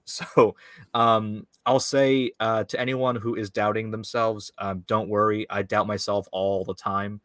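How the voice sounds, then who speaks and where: A man's voice: on the low side, flat delivery, a little slow, a bit bright, no echo, clean studio sound. A man, a filmmaker guest, chatting casually in an interview with lots of fillers, restarts and laughs. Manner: rambling, many fillers and restarts, laughs often.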